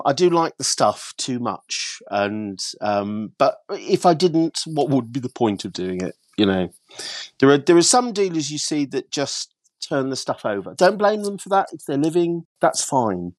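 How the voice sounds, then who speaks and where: Animated English storyteller, dry studio sound. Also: male voice, medium pitch, normal speed, dry recording. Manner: lively storyteller, mimics voices in his anecdotes. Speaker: antiques silver specialist guest. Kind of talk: anecdotal podcast chat.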